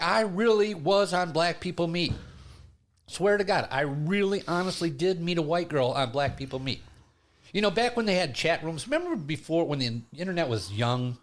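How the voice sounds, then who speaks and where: Animated, gregarious middle-aged man storyteller. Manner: animated, gregarious storyteller, big pitch swings. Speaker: podcast host and comedian. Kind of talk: casual storytelling chat. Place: studio.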